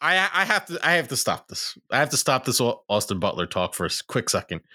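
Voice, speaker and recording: A man's voice: medium pitch, sing-song, fast, sharp tone, no room sound, clean studio sound. A man co-hosting a podcast in casual chat, ranting bluntly and swearing. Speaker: podcast co-host.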